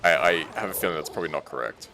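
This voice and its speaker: A man's voice: low voice, lively intonation, racing, vocal fry, pushed and bright, a little hiss or hum. A young Australian man, a streamer casually chatting with his live chat while gaming, reading messages aloud and laughing often.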